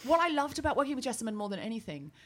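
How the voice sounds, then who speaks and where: A woman's voice: fairly high pitch, very animated, racing, a bit bright, slight background noise. A woman co-hosting a comedy podcast, telling a long story to a live audience and acting out the voices of people she quotes. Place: small live venue with audience.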